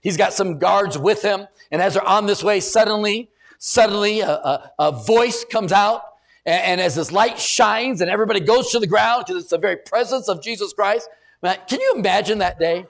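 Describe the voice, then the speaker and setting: A middle-aged man preaching to his congregation, his voice high and gravelly. He keeps the sermon animated, repeating himself and putting questions to the pews. A church pastor in full flow. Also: a little fast.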